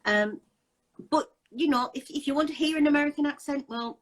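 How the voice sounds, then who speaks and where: A woman's voice: high-pitched, brisk, poor audio. A woman hosting a casual interview chat, talking in an indignant, emphatic way with many rhetorical questions. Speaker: host.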